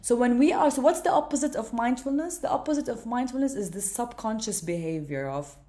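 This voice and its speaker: A woman teaching mindfulness in a casual monologue, gentle and chatty, often pausing on "okay" and "right". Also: on the high side, expressive.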